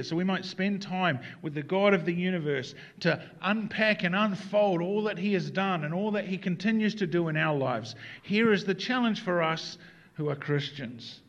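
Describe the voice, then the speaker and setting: Earnest male preacher, slightly high voice. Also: lo-fi sound. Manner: earnest, swings from hushed reflection to animated emphasis. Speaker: pastor. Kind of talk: sermon.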